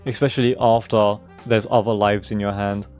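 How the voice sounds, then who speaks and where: Young guy streamer going hoarse, heated rant, keeps repeating himself, swears a lot, quiet music behind. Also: fairly low pitch, flat delivery, normal speed. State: hoarse, losing his voice. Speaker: game streamer. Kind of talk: casual live-stream rant.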